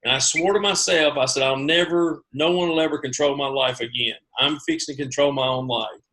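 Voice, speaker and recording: A man telling his own story on a video call, animated and poking fun at himself. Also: fairly high pitch, a little fast. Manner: animated, self-mocking, acts out his own reactions. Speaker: guest sharing his sales story.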